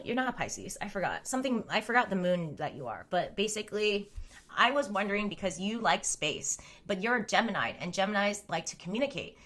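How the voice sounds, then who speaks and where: A woman's voice: fairly low pitch, a bit bright. Rambling, oversharing woman streamer. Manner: rambling, oversharing, frequent "like" fillers and swearing. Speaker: streamer chatting with viewers. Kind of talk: casual live-stream chat.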